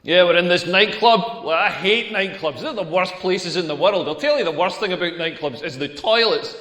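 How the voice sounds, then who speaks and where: A man's voice: high voice, moderate pace, sharp tone. A Scottish man doing a stand-up comedy set on a club stage, ranting through brash, rambling punchlines. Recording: echoey club hall reverb.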